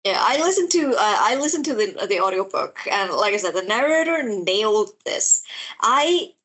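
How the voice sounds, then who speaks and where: A woman's voice: mid-range voice, big pitch swings, normal speed, fairly bright tone, husky. A woman co-hosting a podcast, talking casually about a book in a rambling way, full of fillers and restarts. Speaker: podcast co-host. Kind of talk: casual chat about books.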